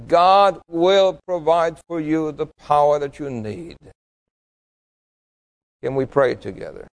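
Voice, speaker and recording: Earnest higher-voiced male pastor preaching. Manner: earnest, pleading, rises to fervent prayer. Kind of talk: sermon with story and prayer. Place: church sanctuary.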